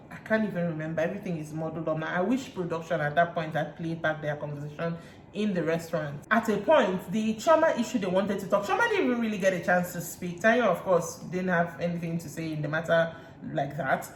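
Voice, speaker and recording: A Nigerian woman recapping reality TV in a chatty way, retelling scenes with lively asides. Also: on the low side, brisk. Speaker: reality TV reviewer. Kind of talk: casual recap chat. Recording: roomy room echo, faint hiss.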